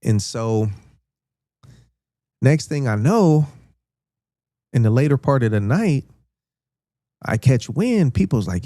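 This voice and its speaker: A man's voice: medium pitch, big pitch swings, slow, long pauses, mellow, no echo, studio quality. A man in his fifties hosting a podcast and telling a story in a laid-back, slangy way, acting out the quotes. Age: 50s. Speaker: podcast host. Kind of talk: casual storytelling.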